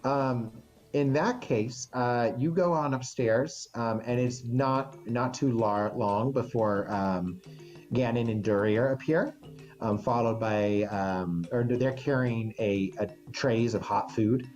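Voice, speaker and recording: A man narrating a tabletop game as game master in a halting way, full of ums and restarts. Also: medium pitch, darkish tone, dull audio, faint music behind.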